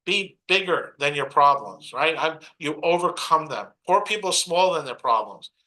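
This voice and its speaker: A middle-aged man works a crowd from the stage, preaching in short punchy lines and slipping into mock voices to poke fun at excuses. His voice sits fairly high and has a forceful, bright edge. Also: animated, normal speed, low-quality recording. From Brooklyn, New York. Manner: preachy, punchy, mocks others in put-on asides. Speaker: motivational speaker. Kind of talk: motivational stage talk.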